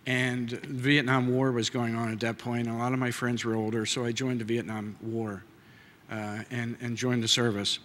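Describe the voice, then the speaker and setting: A man's voice: mid-range voice, little pitch movement, normal speed, a bit bright. Folksy man giving a heartfelt acceptance speech. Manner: folksy and heartfelt, with many filler uhs. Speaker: award inductee. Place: large banquet hall. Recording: reverberant hall.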